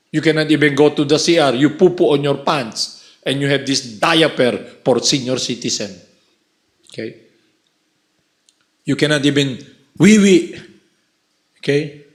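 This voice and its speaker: Slow, high-voiced male lecturer. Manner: animated, keeps checking in with the listeners. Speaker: spiritual lecturer. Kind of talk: spiritual lecture.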